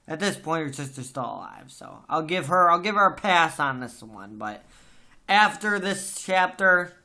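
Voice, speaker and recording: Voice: mid-range voice, sharp tone. A podcast host in a casual book discussion, talking emphatically and venting strong opinions.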